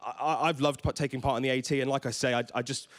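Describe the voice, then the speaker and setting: Male presenter, conference talk before a live crowd, eager, trips over his words, mid-pitched voice. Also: steady tone, rapid-fire. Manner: enthusiastic, stammers and repeats words. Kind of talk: conference talk with audience questions. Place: event stage before a live audience.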